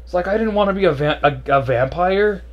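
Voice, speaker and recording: Brief: young male gamer, playful and jokey, slightly high, very lively pitch. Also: a little fast, lo-fi sound. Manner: playful, joking, frequent laughter. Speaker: gamer playing. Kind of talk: casual let's-play chat.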